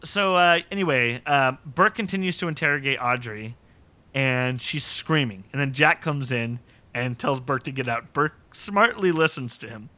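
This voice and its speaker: Excitable bright-voiced man recapping. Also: mid-range voice, normal speed. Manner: animated storytelling, quotes scenes with relish. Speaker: podcast host. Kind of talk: casual recap chat.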